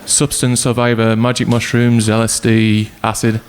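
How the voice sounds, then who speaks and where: A man's voice: medium pitch, monotone, normal speed, slight background noise. A man hosting a casual comedy talk show in a radio studio, loose and often laughing.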